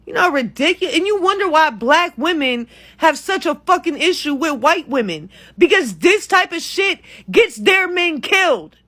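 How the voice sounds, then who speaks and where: High, bright-voiced woman ranting heatedly. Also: sing-song, normal speed. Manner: profane, exasperated, heated. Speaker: content creator. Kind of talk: ranting reaction commentary.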